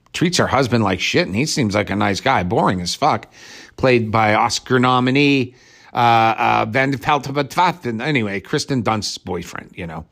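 A man's voice: lowish voice, a bit bright. A man giving a rambling, casual movie review rant in a sarcastic, crude and irreverent way, with mocking asides.

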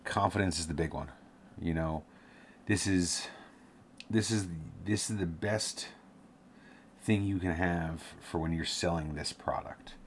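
A man's voice: low voice, measured pace, long pauses, slight background noise. A man giving casual career advice, rambling and correcting himself, sometimes laughing at his own tangents.

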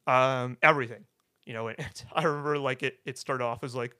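Bright-voiced young man telling his story. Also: medium pitch, fairly even intonation, smooth, no room sound, clean studio sound. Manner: halting, restarts, tags "right?" often. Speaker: guest sharing testimony. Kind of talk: casual personal storytelling.

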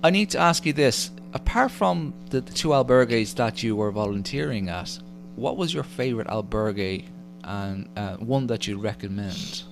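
A man's voice: lowish voice, moderate pace, gravelly. A man hosting an interview, often stumbling and repeating words as he talks. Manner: stammering restarts, repeats words. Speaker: podcast host. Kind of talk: casual interview chat. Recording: steady hum behind voice.

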